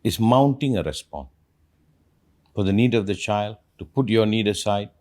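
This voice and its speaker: A man's voice: fairly low pitch, lively intonation, moderate pace, mellow. A man, a spiritual teacher, talking earnestly in a reflective conversation and asking probing questions.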